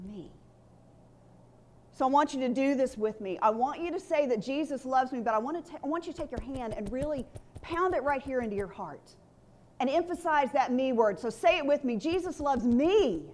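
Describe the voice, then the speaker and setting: A woman's voice: high voice, animated, a little fast. A woman pastor preaching a sermon in an earnest, conversational way, leading the congregation in call-and-response.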